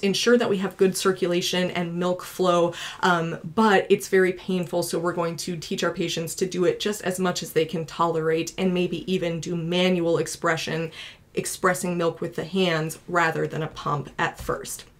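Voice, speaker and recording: A woman's voice: lowish voice, flat delivery, moderate pace. A woman in her thirties giving a recorded nursing lecture, talking conversationally to students with asides and stories from her own life. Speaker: nursing instructor.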